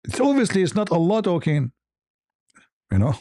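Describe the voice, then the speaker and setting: A man's voice: high voice, very animated, moderate pace, mellow, dry recording, clean studio sound. Combative, sarcastic male debater. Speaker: online debater. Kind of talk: mocking commentary.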